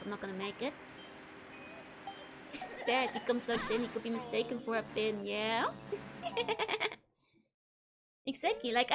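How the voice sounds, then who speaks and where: A young woman with a Dutch accent, a native Dutch speaker, streams casual gameplay, chatting, giggling and answering her chat. Her voice is a little high, and game music plays in the background.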